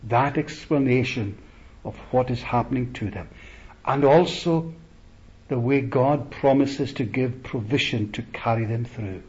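A man preaching a sermon slowly and deliberately, rising to emphatic peaks and letting phrases trail off softly. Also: mid-range voice, lo-fi sound.

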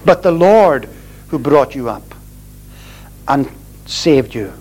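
A man preaching a sermon in a deliberate, emphatic way, repeating phrases and stressing key words. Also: medium pitch, darkish tone, slight background noise, poor audio.

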